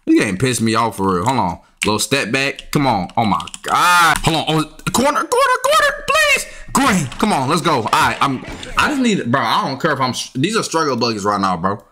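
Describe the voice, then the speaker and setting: A young gaming YouTuber gives casual gameplay commentary, getting frustrated, trash-talking, and letting out sudden yelps when annoyed. His mid-range voice is sing-song, a little fast, and sharp. The recording carries a slight hiss or hum plus faint keyboard and mouse clicks.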